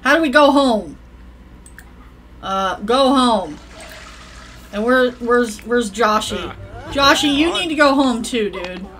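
A young woman giving casual, profane commentary while playing a life-sim game, yelling at the characters and rambling. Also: on the high side, lively intonation, slow pace, pauses often, slight background noise. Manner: rambling, self-interrupting.

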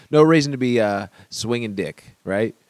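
A man's voice: mid-range voice, a little slow, a little mellow, no echo. A man guesting on a podcast, chatting casually, joking and laughing often. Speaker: musician guest.

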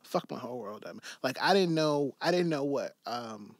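A man on a podcast porch chat, telling lively stories and acting out the people in them, swearing freely. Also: mid-range voice, normal speed, dry recording. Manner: animated storyteller, acts out voices, swears freely. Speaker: guest. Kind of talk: casual storytelling chat.

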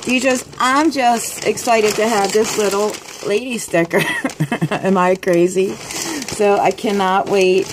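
A woman vlogger chatting excitedly and gushing as she opens friend mail. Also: medium pitch, takes it slowly, background noise. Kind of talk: casual unboxing chat.

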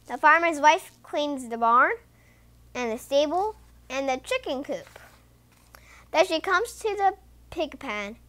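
A woman reading a children's picture book aloud in an expressive, sing-song storytelling voice. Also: high-pitched, slow pace.

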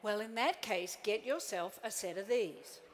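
A middle-aged woman giving a motivational keynote to a live audience at tables. She is playful and animated, acts out little quoted scenes and coaxes the crowd to join in. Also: mid-range voice, unhurried, a little hiss or hum. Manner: coaxing the crowd into joining in. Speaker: motivational speaker.

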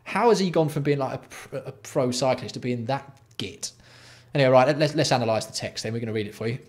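A man's voice: medium pitch, quick pace. A young man hosting a livestream, reading product copy aloud and mocking it with sweary, exasperated commentary. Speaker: livestream host.

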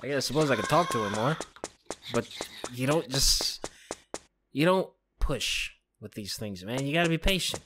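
A man's voice: mid-range voice, animated, normal speed, noisy background. A man casually commenting while playing a game, sarcastic, profane and rambling. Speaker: streamer. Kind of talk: casual let's-play commentary. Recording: game music behind.

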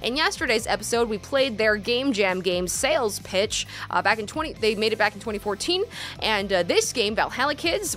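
Young woman let's-player, high lively voice, excitable and gushing, faint game music behind. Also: normal speed. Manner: gushing, excitable, many fillers. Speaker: game streamer. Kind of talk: let's play commentary reading game text aloud.

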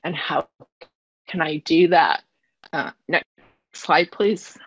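A woman teacher from Canada presents at an online conference from her home. She talks fast and earnestly, a little nervous, and her voice is husky. The video-call audio is dry and dull. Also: deep voice, fairly even intonation, no echo. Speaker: high school math teacher presenting a project.

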